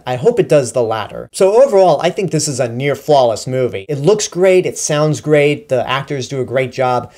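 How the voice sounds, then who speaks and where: A man hosting his own movie review channel, talking casually and with plenty of opinion, adding animated emphasis on his key points. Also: medium pitch. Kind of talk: casual spoken film review.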